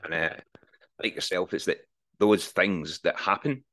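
A man's voice: low-pitched, a little slow, fairly bright tone. A man in his forties speaking as a podcast guest, earnest and reflective, swearing freely in candid conversation. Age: 40s.

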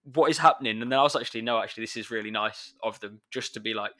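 A man, a secondary school maths teacher, talking in a relaxed chat and acting out his pupils as he tells stories. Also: on the low side, very fast. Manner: chatty, animated when retelling pupils. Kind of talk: casual chat.

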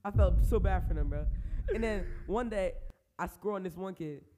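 A young man with a notably high voice, co-hosting a casual podcast. He tells his stories in an animated way, sprinkled with slang. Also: moderate pace, noisy background. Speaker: podcast co-host. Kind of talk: casual chat.

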